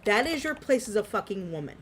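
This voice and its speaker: A woman's voice: mid-range voice, sing-song, a little fast, a little hiss or hum. Furious, swearing podcast woman. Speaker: podcast co-host. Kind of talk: angry ranting on a podcast.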